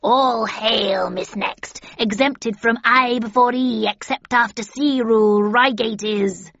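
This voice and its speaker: A woman voicing a cackling old hag witch who chants spells slowly and loudly, with a slightly dull recording. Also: fairly high pitch, fairly even intonation, creaky, no room sound, exaggerated voice. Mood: ominous chanting.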